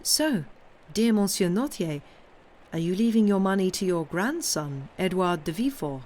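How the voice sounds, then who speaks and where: A woman reading aloud and voicing a scheming middle-aged stepmother who speaks in a smooth, ingratiating way. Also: mid-range voice, animated, normal speed, a little mellow, lightly acted.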